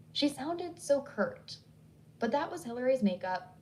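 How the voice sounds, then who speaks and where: A woman narrates a horror story at a measured, steady pace. Her voice sits a little high. A faint hiss runs under the reading. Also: poor audio.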